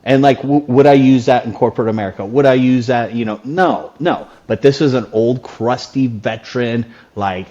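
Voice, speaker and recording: A man's voice: mid-range voice, normal speed, few pauses, warm tone. A man guest on a podcast, telling stories in a loose, blunt way with some swearing. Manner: loose and blunt, swears freely, story-driven. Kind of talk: casual podcast storytelling. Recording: dull lo-fi sound.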